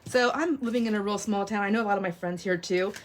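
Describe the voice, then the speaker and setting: Laughing, animated woman telling stories. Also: mid-range voice, fast. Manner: animated, laughs often, acts out quoted voices. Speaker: craft livestream host. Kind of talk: casual storytelling chat while crafting.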